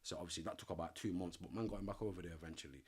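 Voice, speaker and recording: Man, casual interview, animated storytelling, street slang, acts out voices. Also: low voice, racing. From Nottingham, England. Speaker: podcast guest.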